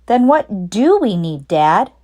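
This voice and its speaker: A woman reading aloud as an excited young male fox cub in a storybook, eager and squealing. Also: mid-range voice, slow pace.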